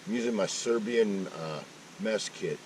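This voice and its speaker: A man's voice: fairly low pitch, a little slow, far from the mic, a little hiss or hum, poor audio. A man casually chatting while cooking breakfast at a mountain campsite, folksy with joking asides. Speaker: outdoor vlogger. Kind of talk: casual camp-cooking vlog.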